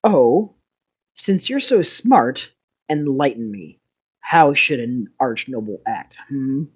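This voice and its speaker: A woman voicing a calm, sarcastic young male knight with a cool, mocking manner. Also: low voice, moderate pace, slightly rough, voice pushed down, heavily acted. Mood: sarcastic, stern.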